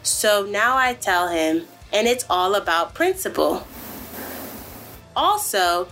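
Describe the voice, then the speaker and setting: Animated, profane woman telling a story. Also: mid-range voice, slow pace, soft background music. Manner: animated, profane, addresses listeners as guys and y'all. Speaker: podcast host. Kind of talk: casual storytelling monologue.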